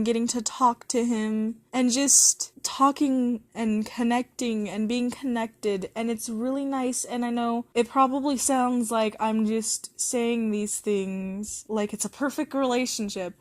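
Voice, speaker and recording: Giggly young woman vlogging, higher voice. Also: no echo. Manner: giggly, rambling, candid. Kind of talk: casual chat.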